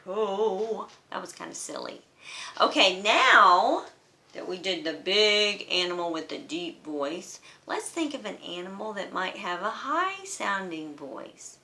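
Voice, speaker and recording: Woman, music teacher, children's lesson, gentle, encouraging, bright voice. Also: medium pitch, sing-song, measured pace, vocal fry.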